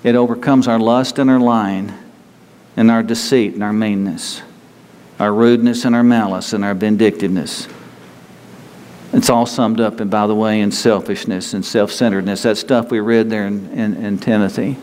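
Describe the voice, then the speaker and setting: A man's voice: on the low side, steady tone, moderate pace, a little mellow. A man preaching a sermon in a folksy, conversational way, acting out quotes of the people he talks about. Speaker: pastor. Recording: long hall reverb, faint ambient noise.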